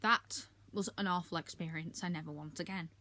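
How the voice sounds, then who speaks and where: A woman's voice: on the low side, fairly even intonation, fairly quick, pushed and bright. A woman giving a casual, candid wrap-up of her monthly reading, chatty with frequent filler ums and blunt asides. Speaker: book reviewer.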